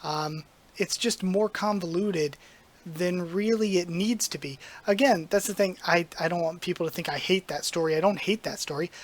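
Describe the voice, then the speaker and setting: Casual reviewer voice, slightly hoarse, rambling and chatty, mid pitch. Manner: rambling, conversational, frequent "like" and "um". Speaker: YouTube channel host reviewing manga chapters.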